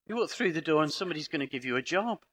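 A middle-aged British man addresses a hall full of people, his voice bright and fairly high. He swoops through a wide pitch range as he acts out conversations, with a dry, humorous edge. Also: very fast. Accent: British English. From Britain. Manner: animated storyteller acting out dialogue, dry humour. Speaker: conference speaker. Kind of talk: lively live conference talk. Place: parish hall with an audience.

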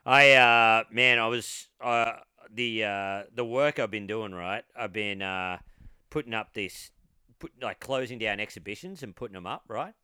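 A man on a podcast telling work stories with loose swearing and a tag of "right?" on many lines. His voice is bright and crisp. It sounds dry and close-miked. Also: lowish voice, measured pace, no echo. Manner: laughing, swearing storyteller, says right and man a lot. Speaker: podcast co-host. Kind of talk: casual chat.

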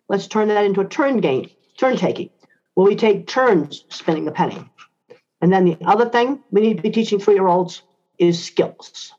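A woman's voice: medium pitch, darkish tone. An older woman answering interview questions in a blunt, emphatic way, repeating key points. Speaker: interview guest. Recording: slightly dull lo-fi sound.

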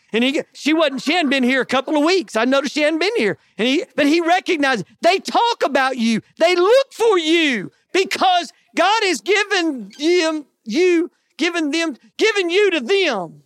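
A man's voice: extremely high pitch, lively intonation, moderate pace, few pauses, fairly bright tone, dry recording. A middle-aged man preaching a sermon in an earnest, conversational way, with folksy asides to the congregation. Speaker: pastor.

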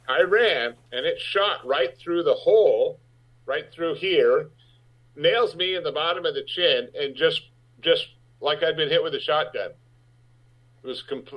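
A man telling an animated, profane story as an interview guest, acting out the lines of other people. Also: fairly high pitch. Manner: animated, profane anecdote-telling with acted-out quotes. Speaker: actor guest. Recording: dull lo-fi sound.

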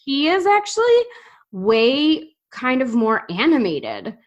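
A woman's voice: high voice, sing-song, slow pace, highs cut off. A woman co-hosting a podcast in casual chat, enthusiastic and chatty, often restarting her sentences. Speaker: podcast co-host.

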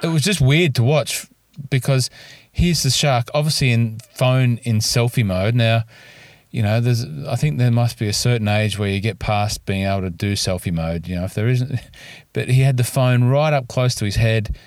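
A man's voice: medium pitch, moderate pace, darkish tone, no echo, studio quality. A man with an Australian accent co-hosting a casual golf podcast in easygoing banter. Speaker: podcast co-host.

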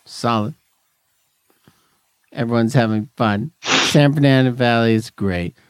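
A man's voice: medium pitch, measured pace, smooth, dry recording. A man co-hosting a podcast in casual chat, ranting animatedly with a lot of swearing. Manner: animated, mocking rants with profanity. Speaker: podcast co-host.

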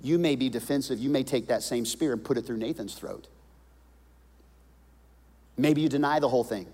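A man preaching a sermon, retelling a story dramatically and swinging between hushed and loud delivery. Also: medium pitch, moderate pace, in a large hall.

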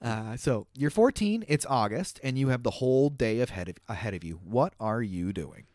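A man's voice: medium pitch, expressive, normal speed, darkish tone, no room sound, studio quality. A man in his thirties from Minnesota hosting a podcast, chatty and playful with easy laughs. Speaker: podcast host. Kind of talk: casual chat.

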